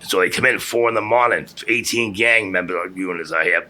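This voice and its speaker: A man, a podcast guest telling rambling, animated stories and laughing through them. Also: deep voice, a little fast, a little hiss or hum. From Boston area. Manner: rambling, animated storyteller who laughs through his tales. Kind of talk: casual storytelling chat.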